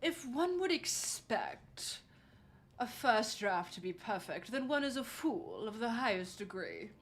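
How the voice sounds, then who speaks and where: A woman's voice: on the high side, very animated, unhurried. A woman voicing a posh old English person in a put-on British accent, with stilted, lofty wording. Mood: haughty.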